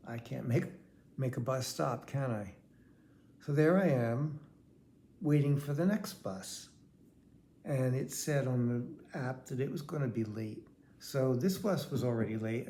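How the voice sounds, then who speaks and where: A man's voice: medium pitch, vocal fry, mellow, slight background noise. An older man, telling a rambling, candid personal story. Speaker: vlogger.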